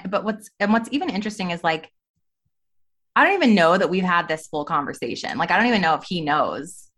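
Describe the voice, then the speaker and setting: Woman, thirties, podcast co-host, candid testimony, lively pitch. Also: brisk. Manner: candid, animated storytelling. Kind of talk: personal testimony in conversation.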